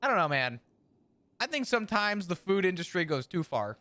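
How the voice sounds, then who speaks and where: A man streaming a roleplay game, chatting in character in an animated way, swearing and explaining at length. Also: sits high, a little fast, dry recording. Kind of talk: casual in-character roleplay chat.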